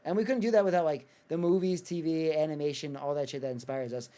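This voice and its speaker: Young us guy hosting a podcast, kinda high voice, hyped up, swears a lot, says like constantly. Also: fast. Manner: swearing, excitable, lots of fillers. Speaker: podcast host. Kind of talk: casual chat.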